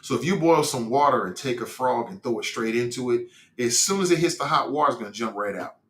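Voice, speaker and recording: A man's voice: medium pitch, expressive, quick pace, roomy sound. A middle-aged man from Cincinnati hosting a casual podcast stream, reading viewer comments aloud in a loose, rambling way with slang and restarts. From Cincinnati, United States. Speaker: podcast host reading live chat. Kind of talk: casual livestream talk.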